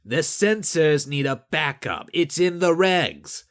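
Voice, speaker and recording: A man's voice: fairly high pitch, lively intonation, slow pace, voice pushed up. A man voicing an officious, rule-bound middle-aged ship inspector.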